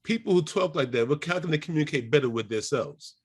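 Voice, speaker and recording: A man hosting a meetup, thanking a speaker and putting the next question to another guest in a lively, encouraging way. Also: a little high, fast talker, breathy edge. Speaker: meetup host and moderator. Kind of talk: moderating a panel discussion.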